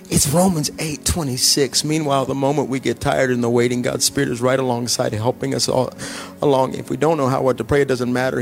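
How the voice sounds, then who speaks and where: A male pastor, preaching a sermon in a casual storytelling way that drops to hushed, sighing asides. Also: mid-range voice, fairly even intonation, brisk, gravelly, soft background music.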